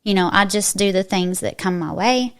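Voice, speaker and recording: A woman speaks with a strong eastern Kentucky twang at a middling pitch. She talks in a chatty, emphatic way, doubling back and restarting mid-sentence as she makes her point. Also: normal speed, clean tone. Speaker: guest. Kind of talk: casual interview chat.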